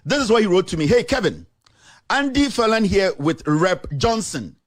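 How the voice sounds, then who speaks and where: A man talks straight to his audience in emphatic commentary, his fairly high voice rising and falling widely. He repeats his points for force and slips local phrases in between the English. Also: animated, normal speed. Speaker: journalist and show host.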